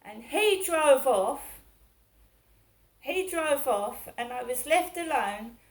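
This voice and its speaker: Slow, rambling middle-aged woman. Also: high voice. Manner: rambling and aggrieved, repeating herself. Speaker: vlogger. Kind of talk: casual personal monologue.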